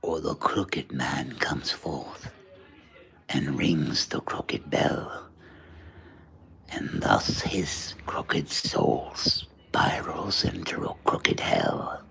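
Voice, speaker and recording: A man voicing a sinister crooked spirit in a whispered role-play, with a slow, ominous, toneless whisper. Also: extremely low pitch, animated, gravelly, pushed and bright, slightly rough, pitched below the performer's own voice, heavily acted.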